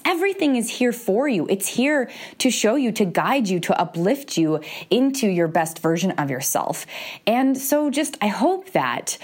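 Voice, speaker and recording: A young woman hosting her own self-help podcast, talking earnestly and with growing passion, often acting out little inner voices. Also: mid-range voice. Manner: earnest, animated, gushing and encouraging. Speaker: podcast host.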